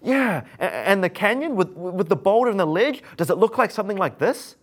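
A man's voice: high voice, very animated, a little fast, voice pushed up. A man voicing a chatty male stranger who casually offers a know-it-all tip in a breezy, matter-of-fact way.

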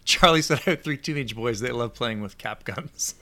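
A man's voice: medium pitch, normal speed, noisy background. A man hosting a podcast in casual chat, playful, reading out listener comments. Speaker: podcast host.

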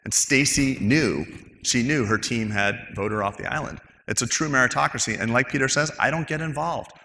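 Man, practice owner on a panel; bright, animated, mimics coworkers; hall reverb. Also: mid-range voice, brisk, a little hiss or hum. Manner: animated storytelling, acts out coworkers' quotes. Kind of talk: casual panel talk.

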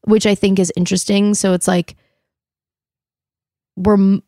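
A woman's voice: mid-range voice, flat delivery, measured pace, warm tone, no echo, studio quality. A middle-aged woman from Canada, an actress chatting casually as an interview guest, swearing lightly, laughing often and acting out what people said.

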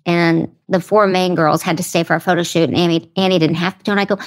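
A woman guest on a podcast, chatting casually and telling animated stories. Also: fairly low pitch, fast talker. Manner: animated storyteller, acts out others' lines. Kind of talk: casual conversation.

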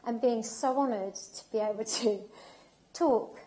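A woman's voice: on the high side, a little slow, mellow. A woman giving an emotional, heartfelt personal talk at an event, speaking with emphasis and repetition.

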